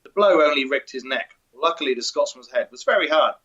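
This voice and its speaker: A man with a bright, forceful voice, pitched fairly high for a man, tells a folk tale and chats with a dry wit. The recording sounds dull and lo-fi. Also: lively intonation, fairly quick, slightly rough. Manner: reads a folk tale aloud, then chats with dry humour. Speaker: co-host. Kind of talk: storytelling and casual chat.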